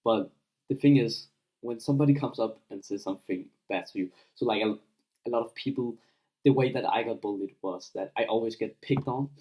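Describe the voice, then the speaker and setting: Young male vlogger, mellow tone, profane and rambling, casual advice monologue. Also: mid-range voice, fairly quick, rough recording. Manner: blunt, profane, filler-heavy, acts out scenes.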